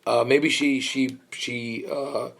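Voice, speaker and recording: A man's voice: medium pitch, fairly even intonation, slow, a bit bright. Man teaching a Bible class. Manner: thoughtful, explanatory, many fillers and restarts; engages listeners with questions. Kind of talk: Bible study lecture.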